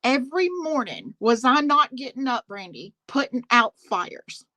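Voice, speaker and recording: Bright, indignant woman telling a story. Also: fairly high pitch, lively intonation, measured pace, no echo, rough recording. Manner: indignant, laughs often, addresses the host directly. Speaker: guest on a live talk panel. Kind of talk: casual storytelling rant.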